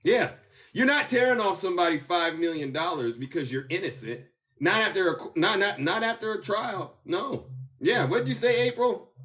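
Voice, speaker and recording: A man hosting a casual political commentary livestream, animated and teasing, breaking into laughter and whoops. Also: high-pitched, normal speed, recorded from a distance. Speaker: TikTok live host. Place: car.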